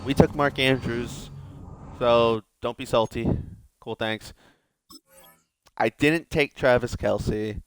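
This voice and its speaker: A man's voice: mid-range voice, clean tone, no room sound. A young adult man giving casual gameplay commentary as a video host, talking to himself in a joking, rambling way. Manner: joking, rambling self-talk.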